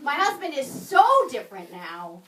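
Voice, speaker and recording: A woman performing a stand-up comedy set, with wry, sarcastic asides and pauses before punchlines. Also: fairly high pitch, big pitch swings, a crowd in the background. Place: small comedy venue in a video store, live audience. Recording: roomy live room, mic a bit distant, audience laughter.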